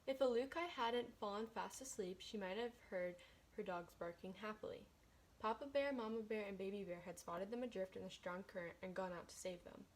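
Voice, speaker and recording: A woman reading a children's picture book aloud, gentle and steady at a middle pitch. She then chats plainly about the tale she has just read. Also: a little fast. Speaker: storybook reader.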